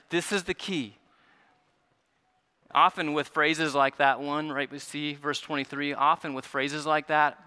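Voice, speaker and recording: A male pastor preaching a sermon in an earnest way, often repeating words as he restarts, dropping soft and rising again. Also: fairly high pitch, clean tone. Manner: earnest, stumbling repetitions, drops soft then rises.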